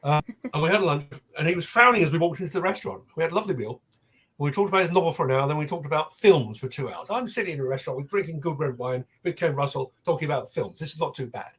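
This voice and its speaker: Older man, husky; chatty guest storyteller. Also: fairly high pitch, rapid-fire, a bit bright. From South London. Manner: anecdotal, hesitant with many ums. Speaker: literary agent guest. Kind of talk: casual interview chat.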